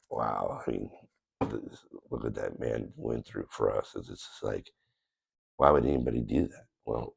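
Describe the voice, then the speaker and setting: With an extremely low, creaky voice carrying a breathy edge and a nasal tone from a cold he's recovering from, a man tells his channel his personal faith story. It's a casual testimony to camera, earnest, plain-spoken and rambling.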